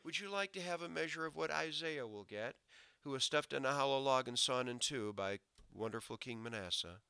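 Male pastor, very bright tone, slightly high; loud emphasis, then low asides. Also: a little fast, gravelly, clean tone, no echo, studio quality. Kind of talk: sermon.

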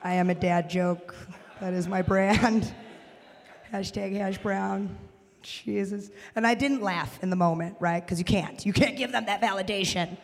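Woman, stand-up comic, mid-pitch, animated delivery with shouted punchlines, live venue with long reverb. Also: unhurried, slight background noise. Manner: animated, swings into loud shouted bits. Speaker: stand-up comedian. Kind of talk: stand-up comedy set. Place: live comedy venue with audience.

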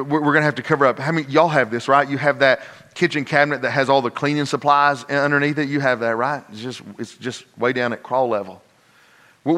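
Older male pastor, bright forceful tone, folksy and emphatic, church-hall reverb. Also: medium pitch. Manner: folksy, builds to loud emphatic peaks. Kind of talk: sermon.

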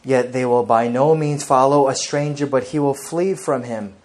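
A man's voice: mid-range voice, normal speed. A male pastor preaching an emphatic sermon, reading scripture aloud and speaking directly to the congregation.

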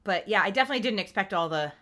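A woman co-hosting a casual TV recap podcast, talking animatedly, swearing and acting out scenes in quick quoted asides. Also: mid-range voice, animated, a bit bright. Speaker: podcast co-host.

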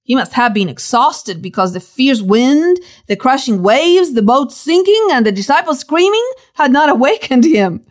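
A woman giving expressive Bible teaching, telling the story dramatically and stressing key words. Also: normal speed, few pauses. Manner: dramatic, animated storytelling with sudden pitch swings.

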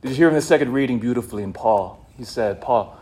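A male priest giving a passionate homily, swinging between loud, fired-up shouting and hushed, quiet stretches. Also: medium pitch, fast talker, slightly rough. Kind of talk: sermon.

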